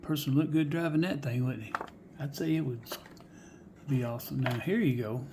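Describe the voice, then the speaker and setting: A die-cast car collector talks at a normal speed in a mid-range voice while noise fills the background. His show-and-tell vlog is casual and folksy, full of musing aloud and frequent whispers.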